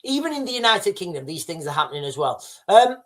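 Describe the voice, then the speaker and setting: A man's voice: high-pitched, sing-song, a little fast. A man hosting a casual livestream, rambling through the news with many fillers and restarts. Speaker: livestream host. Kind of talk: casual live commentary.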